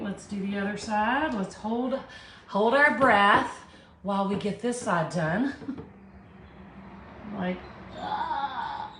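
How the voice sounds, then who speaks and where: Speaking in a mid-range voice with a Southern US accent, this woman runs a live art tutorial, chatting with her viewers and poking fun at herself as she narrates each step. The room echoes, and there's slight background noise.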